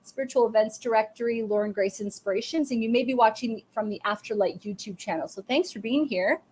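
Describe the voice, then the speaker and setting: A woman psychic medium hosting a live-streamed intuitive reading, talking softly but emphatically and gushing, with many fillers. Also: a little high, fairly quick, breathy edge. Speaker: psychic medium and podcast host.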